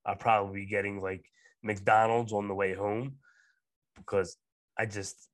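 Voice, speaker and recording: A man's voice: lowish voice, level tone, a little slow, no room sound. A man co-hosting a casual podcast, talking bluntly and rambling with lots of fillers. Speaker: podcast co-host. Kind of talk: casual chat.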